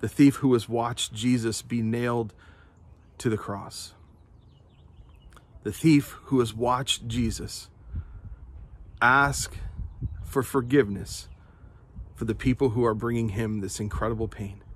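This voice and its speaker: Male pastor, measured sermon delivery, unhurried pace, earnest, doubles words. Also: mid-range voice, fairly even intonation, a little hiss or hum. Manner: earnest and unhurried, with frequent word repeats. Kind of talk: devotional sermon talk.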